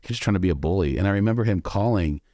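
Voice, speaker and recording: Fast-talking low-voiced male host. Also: no room sound, studio quality. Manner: joking, animated storyteller. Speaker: podcast host. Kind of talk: casual interview chat.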